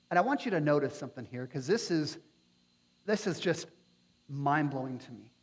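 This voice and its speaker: High-voiced animated pastor. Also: male voice, moderate pace, pauses often. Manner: animated, acts out quotes with playful asides. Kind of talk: sermon. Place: church sanctuary. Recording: long church reverb.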